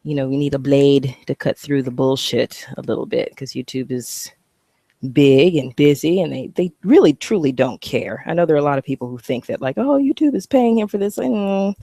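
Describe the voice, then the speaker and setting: A woman vlogging a casual, profane, sarcastic rant, animated and acting out voices. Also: a bass voice, normal speed, no echo, studio quality. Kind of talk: casual ranting monologue.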